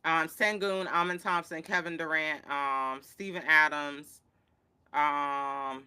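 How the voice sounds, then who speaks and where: A woman hosting a casual sports show, reacting with excitable, slangy chatter. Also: deep voice, slow, clean tone. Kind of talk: casual sports commentary chat.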